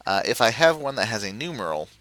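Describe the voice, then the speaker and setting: A man with a lowish, bright, forward voice guides viewers through a puzzle game in a relaxed tutorial. He thinks aloud as he goes, filling pauses with "uh" and restarting sentences to clarify. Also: no room sound, low-quality recording. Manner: explanatory, thinking aloud with frequent "uh" and self-corrections. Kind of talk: screen-recorded game tutorial.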